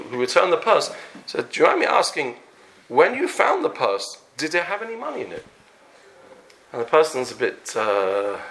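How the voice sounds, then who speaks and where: Animated man telling a story. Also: a little high, creaky, a little hiss or hum. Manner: animated storyteller voicing characters, Yiddish and Hebrew terms. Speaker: Torah teacher. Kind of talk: storytelling lecture.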